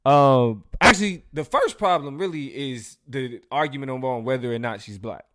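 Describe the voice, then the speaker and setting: A man co-hosts a casual live discussion, rambling with fillers and quick laughs. His voice is smooth and clear, and the sound is dry and close with no room around it. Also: mid-range voice, dry recording. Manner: loose and animated, frequent fillers, laughs while talking. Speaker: podcast co-host.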